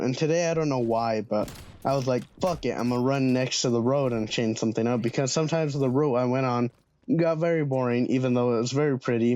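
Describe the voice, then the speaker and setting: A man's voice: medium pitch, darkish tone, no room sound, dull audio. A young man telling a storytime vlog in a casual, slangy way, swearing freely. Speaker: vlogger.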